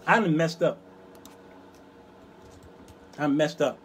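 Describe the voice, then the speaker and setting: A man hosting his own show, preaching with fire between quiet, muttered asides as he reads viewer comments. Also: takes it slowly, slightly rough. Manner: swings from loud preaching to low muttering asides; folksy, emphatic, repeats phrases. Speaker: host and preacher. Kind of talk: fiery livestream preaching, reading viewer comments.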